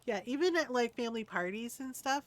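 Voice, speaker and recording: A woman's voice: on the high side, animated, a little fast. A woman streamer chatting candidly over gameplay, laughing often and swearing casually.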